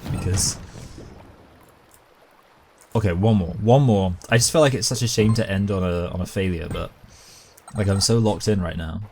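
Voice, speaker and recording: A man's voice: low voice, moderate pace, pauses often, darkish tone, slight background noise. A man with a British accent chatting casually while he plays a game, rambling through a long-winded, self-aware story. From Britain. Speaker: gaming YouTuber. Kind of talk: casual commentary while gaming.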